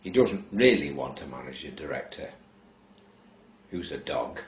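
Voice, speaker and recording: A man slowly telling a shaggy-dog joke, unhurried and deadpan with long pauses. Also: rumbling low, echoey room. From England. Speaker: joke teller.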